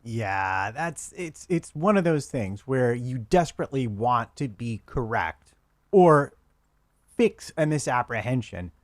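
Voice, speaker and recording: A man co-hosting a casual podcast, wry and measured with slightly formal wording. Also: medium pitch, big pitch swings, dry recording, clean studio sound. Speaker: podcast co-host.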